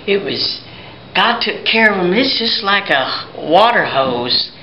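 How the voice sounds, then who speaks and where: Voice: mid-range voice, sing-song, slow, slight background noise, pitched above the performer's own voice. A teacher voicing a wise old man who eagerly retells Bible stories for children, talking in breathless bursts. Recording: roomy, dull home video recording.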